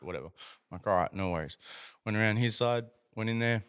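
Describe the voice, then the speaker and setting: A man chatting casually as a podcast guest, telling a rough story with swearing and acted-out quotes. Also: fairly low pitch, moderate pace.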